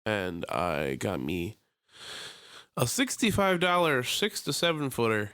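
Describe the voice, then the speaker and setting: Animated, swearing young man telling a story. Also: takes it slowly, clean tone, no room sound, studio quality. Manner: animated storyteller, swears a lot, does high-pitched voices when quoting people. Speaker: podcast co-host. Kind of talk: casual chat. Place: small room, in person with co-host.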